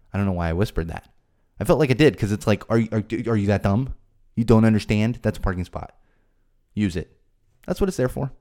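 A man hosting a solo podcast, ranting in an exasperated way, his voice climbing high when he gets worked up. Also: sing-song, fast, dark tone. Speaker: podcast host. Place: home studio.

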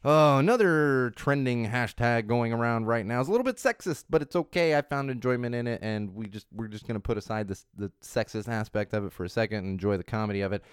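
A clear, resonant, medium-pitched voice belongs to a host in his thirties who talks casually about trending topics at a quick pace with barely a pause, rambling and self-correcting with frequent restarts. The recording is dry and studio quality.

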